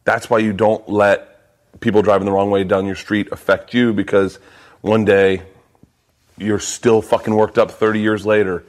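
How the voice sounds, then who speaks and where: A man's voice: on the low side, little pitch movement, normal speed. A man hosting a podcast, telling stories in a loose, profane, joking way. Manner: profane, storytelling. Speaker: podcast host; stand-up comedian. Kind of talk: casual chat.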